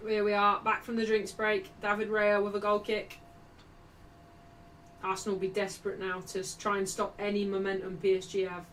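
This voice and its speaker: A woman's voice: medium pitch, monotone, moderate pace. A woman casually commentating a football match live for her stream and greeting viewers in chat. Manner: chatty, shouts greetings to chat. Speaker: streamer hosting a football watchalong. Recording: distant mic with faint background noise.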